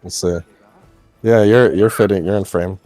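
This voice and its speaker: Man, low voice, laid-back, rambling gaming chat, faint game music behind. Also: fairly even intonation, moderate pace, warm tone, no echo. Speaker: streamer playing with friends.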